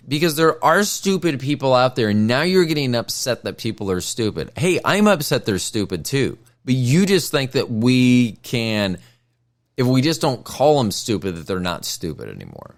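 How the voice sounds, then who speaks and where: A man's voice: medium pitch, moderate pace. A man hosting a casual solo podcast, talking in a blunt, sardonic way as he tells stories about his life. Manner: blunt, sardonic, lively storytelling. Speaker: podcast host.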